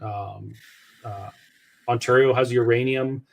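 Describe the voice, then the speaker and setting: A man's voice: mid-range voice, steady tone, slow pace, vocal fry. A Canadian man as a guest, speaking earnestly and with conviction, often restarting his sentences. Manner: earnest, opinionated, with hesitant restarts. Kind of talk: casual conversational commentary.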